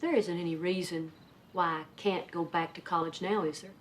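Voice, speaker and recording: A woman's voice: fairly low pitch, fairly even intonation, moderate pace, a little hiss or hum, lightly acted. An actress playing a middle-aged wife and mother who dreams of going to college, speaking with a twangy accent. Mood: wistful. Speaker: film character in clips. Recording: film audio with soft music.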